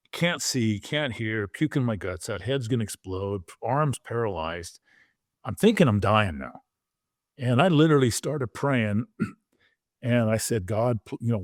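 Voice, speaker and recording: A man in his sixties, a former pro football player, telling a story on a podcast in a vivid, animated way and acting out the quoted lines. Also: medium pitch, dry recording, clean studio sound.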